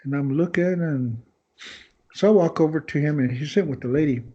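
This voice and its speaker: A man with a husky, mellow voice, a little higher than most, telling rambling stories as a podcast guest and acting out what others said. The audio is dull and lo-fi, like a basic podcast setup. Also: a little fast. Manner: rambling anecdotes, acting out other people's lines. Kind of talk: casual storytelling.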